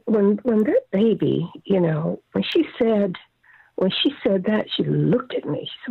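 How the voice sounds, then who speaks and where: Older woman, singer guest, lively storyteller, husky voice, tinny dry phone line. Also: medium pitch, measured pace, no room sound. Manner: animated storyteller, acts out quotes. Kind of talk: casual interview over the phone.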